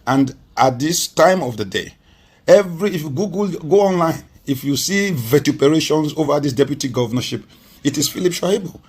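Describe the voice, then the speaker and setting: A man's voice: fairly high pitch, lively intonation, normal speed, slightly rough. A Nigerian man speaking as a political guest on a TV interview, making emphatic points with rhetorical repetition. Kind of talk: TV interview commentary.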